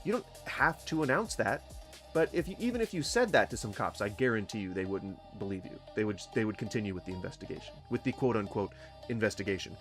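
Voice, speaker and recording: A man giving casual video commentary, his voice swinging widely up and down as he jokes and rambles. Faint music sits softly under his talk. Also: on the low side, fast talker. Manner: animated, joking, rambling asides. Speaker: host reacting to videos.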